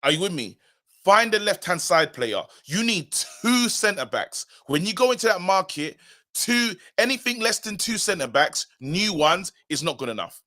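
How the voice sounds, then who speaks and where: Casting: animated male fan co-host, fairly high, bright voice. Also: moderate pace. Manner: animated, emphatic, repeats himself. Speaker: co-host of a football fan show. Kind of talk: casual live-stream chat.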